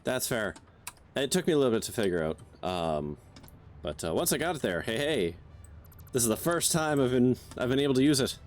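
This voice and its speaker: A man's voice: mid-range voice, very animated, a little fast, slight background noise. A man hosting a casual game stream, joking and swearing as he thinks aloud. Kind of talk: casual gameplay chat.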